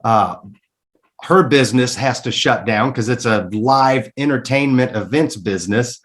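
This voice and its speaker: A man's voice: mid-range voice, a little slow, a bit bright. A man, a guest in a casual interview, telling his story candidly and emphatically, swearing freely and repeating words when he gets worked up.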